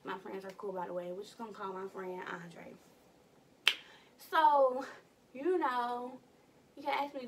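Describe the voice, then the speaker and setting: A woman's voice: on the high side, unhurried, distant mic, background noise. Slangy young woman telling a story. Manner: animated, slangy storytelling with cussing. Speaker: vlogger. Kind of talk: casual storytime vlog. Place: her bedroom.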